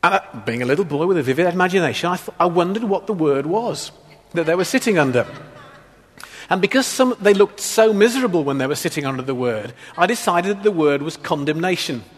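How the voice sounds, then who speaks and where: A man's voice: a little high, animated, brisk, long reverb tail. A man preaching a sermon, mixing scripture with humorous childhood stories. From England, Black Country.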